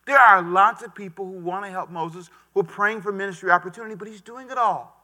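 Middle-aged guy preaching a sermon, brassy bright sound, gets the crowd to say it back. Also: high-pitched, fast. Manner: animated preaching with call-and-response to the congregation. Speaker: pastor.

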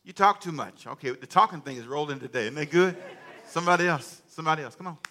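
Pastor, male, bright and fairly high voice, lively sermon delivery, banters with the congregation. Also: quick pace.

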